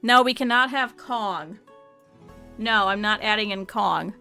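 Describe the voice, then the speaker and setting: A woman streamer with a slight lisp, chatting casually and excitedly with viewers while playing a game. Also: medium pitch, unhurried, faint music behind. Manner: chatty and animated, often laughing. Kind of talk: casual gameplay chat with viewers.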